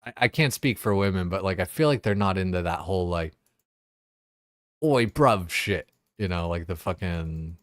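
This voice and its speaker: A young man with a deep, low voice chats casually while he plays a game. His talk rambles, packed with fillers and swearing. The recording is close and dry. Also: no room sound. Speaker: game streamer. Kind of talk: casual chat while gaming.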